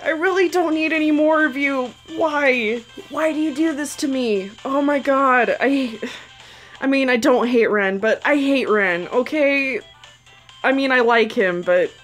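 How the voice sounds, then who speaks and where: A young woman hosting her own gaming channel speaks slowly in a high, fairly bright voice with lively intonation. Emotionally chatting to herself and the game characters, she comments casually while opening gacha card pulls over faint game music.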